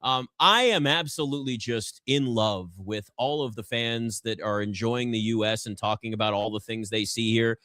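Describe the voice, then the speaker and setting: A man's voice: mid-range voice, normal speed, few pauses, sharp tone, no echo. Rambling man chatting on a garage sports set. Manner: chatty, rambling, self-deprecating. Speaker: draft show host. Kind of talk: casual live sports chat.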